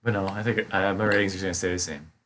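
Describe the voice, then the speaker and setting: A man's voice: deep voice, fairly even intonation, fast, fairly bright tone. A man co-hosting a casual movie chat show, easygoing with dry quips. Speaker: podcast co-host.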